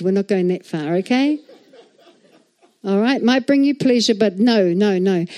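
Chatty, animated woman preaching a sermon. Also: a little high. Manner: animated, chatty preaching with frequent "all right?" and "amen?". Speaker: pastor.

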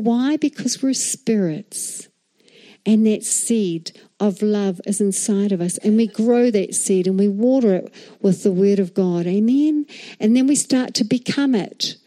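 A middle-aged woman with a New Zealand accent preaching a lively sermon, often calling out to her listeners for a reply. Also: mid-range voice. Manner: animated, asks the crowd for replies.

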